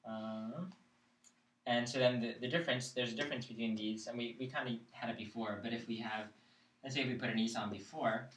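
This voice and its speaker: A man leads a chant class in a middle-pitched voice, explaining each point patiently and stopping to ask whether everyone follows. He stands well back from the microphone, and the room gives his voice a clear echo. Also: fairly even intonation, brisk, noisy background. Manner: explains patiently, checks in with students. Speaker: chant teacher. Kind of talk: live classroom lesson. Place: classroom, live-streamed. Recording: echoey room, mic far off.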